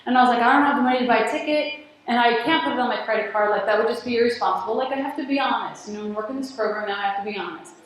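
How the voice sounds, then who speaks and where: A woman's voice: fairly high pitch, very fast. A woman telling a personal story in a talk, acting out the dialogue and laughing often. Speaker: speaker at a spiritual community gathering. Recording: very echoey hall.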